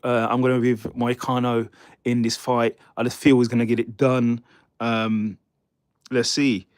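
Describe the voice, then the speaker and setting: A man's voice: medium pitch, little pitch movement, unhurried, dry recording. Man, live-stream host, casual rambling picks, dry close sound. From United Kingdom. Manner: rambling, stumbles over fighter names, chats with viewers. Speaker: livestream host.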